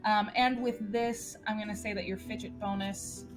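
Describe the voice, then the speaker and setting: A woman narrating a tabletop game as game master, describing the action in a lively way. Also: medium pitch, normal speed, loud music behind the voice.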